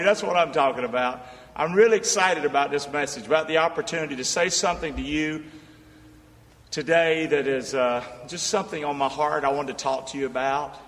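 A fairly high-voiced male pastor delivering a sermon, rallying the congregation to say lines back to him. He drops to hushed storytelling, then climbs to shouted peaks. His voice carries from a distance through a long, ringing hall. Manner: calls on the crowd to repeat after him, swings from hushed storytelling to shouting. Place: large unfinished church building. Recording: echoey hall, voice from far off.

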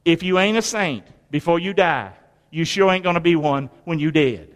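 A man preaching a lively, folksy sermon in a church, calling the congregation to answer back. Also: fairly high pitch, moderate pace. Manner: folksy, call-and-response preaching. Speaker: pastor. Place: large church sanctuary. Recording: long reverb of a large hall.

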